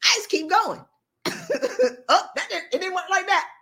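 A woman hosting a podcast, giving a motivational talk in an animated, playful, colloquial way. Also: very high-pitched, moderate pace. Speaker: podcast host.

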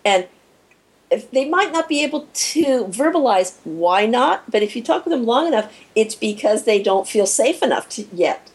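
A woman with a husky, slightly breathy voice speaks as an interview guest. Her pitch swings widely as she explains, and she slips into little acted-out inner voices to make her points. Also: measured pace, low-quality recording. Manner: animated, acts out little scenes with quoted inner voices. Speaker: guest expert on shock and recovery.

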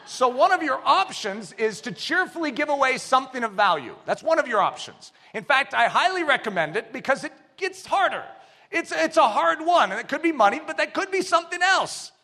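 Lively high-voiced preacher with wide swings. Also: male voice, brisk. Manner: animated preaching, swinging from loud bursts to hushed low lines. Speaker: pastor. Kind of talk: sermon.

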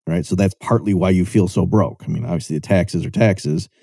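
A man's voice: steady tone, a little fast, creaky, dark tone, husky, dry recording, studio quality. A man giving a conversational explanatory lecture, checking in with listeners and lifting his voice to act out quoted remarks. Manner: chatty, checks in with rhetorical "right?"; acts out quoted voices with lifted pitch. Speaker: economics lecturer.

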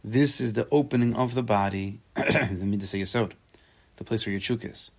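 A man teaching a relaxed Torah class, translating the text phrase by phrase, with joking asides and repeated words as he thinks aloud. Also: on the low side, moderate pace. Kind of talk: casual spoken Torah class.

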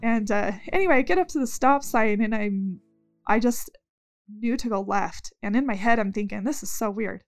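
A woman telling her story in an interview, rambling and halting, breaking off mid-sentence and restarting. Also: fairly high pitch, soft background music. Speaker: interviewee recounting events. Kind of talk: casual spoken recollection.

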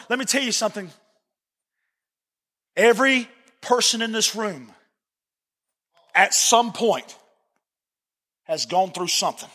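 A man's voice: sits high, lively intonation, slow pace, long pauses, bright, forceful tone, big-room sound. A man preaching a sermon to a church congregation, earnest and repeating phrases for emphasis. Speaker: pastor. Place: church sanctuary.

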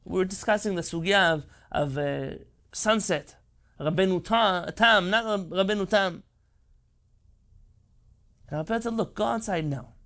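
A man's voice: high-pitched, unhurried, pauses often, fairly bright tone. A man giving an impassioned Torah lecture, emphatic and rhetorical. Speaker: rabbi.

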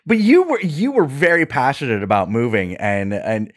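A man's voice: medium pitch, expressive, moderate pace. A man co-hosting a podcast, joking and teasing in casual banter. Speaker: podcast co-host.

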